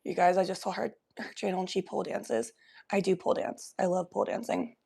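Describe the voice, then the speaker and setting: A young woman hosting a casual livestream from her room at home, talking loosely, high and coughing from smoke. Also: fairly even intonation, brisk, gravelly, warm tone, breathy edge. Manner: loose, chatty, often coughing between lines. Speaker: livestream host. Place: home bedroom.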